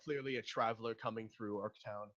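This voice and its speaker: A man's voice: lowish voice, a little fast, crowd noise. Game master man, slightly muffled. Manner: relaxed, hesitant with many fillers. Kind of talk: narrating a tabletop game.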